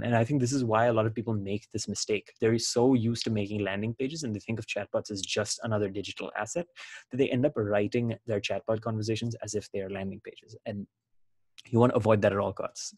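Low husky man presenting a casual webinar. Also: darkish tone, no echo. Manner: casual, explanatory, with frequent fillers and restarts. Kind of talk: screen-share webinar walkthrough.

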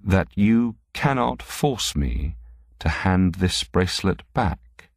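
A man reading the part of a tense, defiant man in a recorded storybook, speaking slowly and deliberately. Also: low-pitched, a little mellow, no room sound, clean studio sound.

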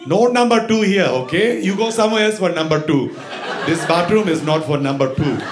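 A man voicing an impatient, gruff old male barber who barks short, repeated commands. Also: sits high, expressive, a little fast, heavy background noise. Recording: echoey room, audience laughter.

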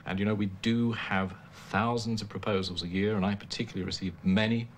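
Brief: an actor playing a smooth, measured official, slightly low voice, faint hiss behind. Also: male voice, fairly even intonation, lightly acted. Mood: firm. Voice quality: measured, polite but firm. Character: smooth male European official, businesslike. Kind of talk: TV comedy acting.

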